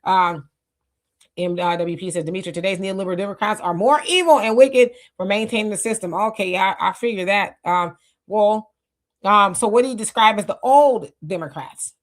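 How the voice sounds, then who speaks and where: With her mouth dry from fasting, a medium-pitched middle-aged woman chats loosely on a live stream as she reads viewer comments. Her casual, reflective talk keeps stumbling into fillers and restarts.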